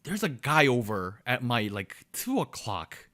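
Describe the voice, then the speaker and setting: A man's voice: medium pitch, measured pace. A young man co-hosting a podcast, telling a long story in casual chat, full of fillers and restarts, and acting out the people he quotes. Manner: animated, many fillers and restarts, acts out quotes. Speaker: podcast co-host.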